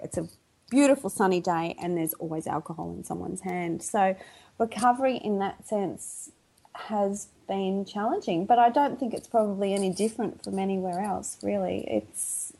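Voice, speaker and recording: A woman's voice: medium pitch, gravelly, a little mellow, husky. A woman from Australia with an Australian accent, a podcast guest speaking reflectively and laughing often. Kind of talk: casual podcast interview.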